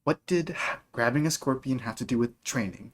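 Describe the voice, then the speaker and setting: A man voicing a weary, stern elven healer mother who scolds softly and calmly. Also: a little fast, slight background noise. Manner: soft, low and calmly scolding.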